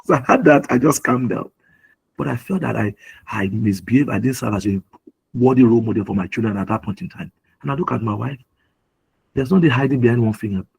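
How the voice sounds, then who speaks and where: A middle-aged Nigerian man speaks earnestly about parenting during a webinar, often repeating his key phrases for emphasis. His medium-pitched voice is animated and brisk, gravelly with a breathy edge, and the recording quality is poor.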